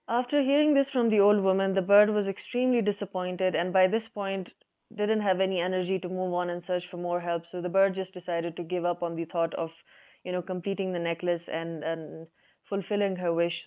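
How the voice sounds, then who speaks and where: A woman tells a folk tale in a relaxed, chatty way, full of little fillers. Her voice is smooth and low for a woman. The recording sounds dull and lo-fi. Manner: relaxed, conversational, many fillers. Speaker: storyteller. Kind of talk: telling a folk story.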